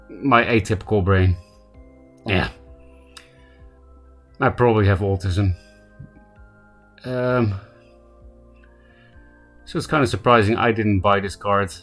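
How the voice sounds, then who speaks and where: Giggly, slow-talking game streamer. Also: medium pitch. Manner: keeps breaking into helpless laughter; self-mocking, chatty with viewers. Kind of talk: casual live-stream chat.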